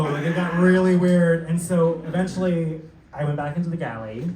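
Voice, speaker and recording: A young man doing a live stand-up set, telling stories in a camp, sassy way with quick asides. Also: on the high side. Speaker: stand-up comedian. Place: theater stage before a laughing crowd. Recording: roomy live theater sound, mic distant, crowd audible.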